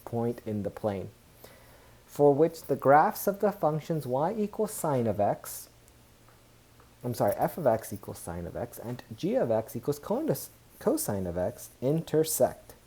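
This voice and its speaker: Math teacher, man, very dark mellow tone, talky, self-correcting, upbeat. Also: medium pitch, big pitch swings, a little slow, husky. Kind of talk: recorded tablet math lesson.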